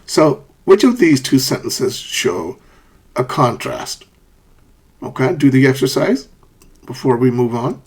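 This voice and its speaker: A man's voice: sing-song, slow, long pauses, breathy edge. A man teaching an online English lesson on intonation, reading example sentences aloud with exaggerated rises and falls and checking in with a frequent "okay?". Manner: models example sentences with exaggerated rising and falling pitch.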